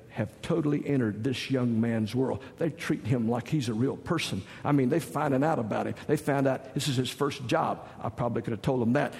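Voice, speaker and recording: This sermon comes from a middle-aged Southern American pastor with a creaky, slightly mellow, mid-range voice. He preaches in a folksy manner with jokes and stories. The sound carries the long reverb of a big hall.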